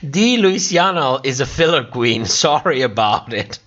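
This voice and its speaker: A tired man hosts a livestream, drifting through viewer comments at an unhurried pace. His pitch rises and falls a lot as he chats, and he breaks into laughter often. The sound is dull and lo-fi, like typical stream audio. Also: expressive, fairly bright tone. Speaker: livestream host. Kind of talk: casual chat reading live comments.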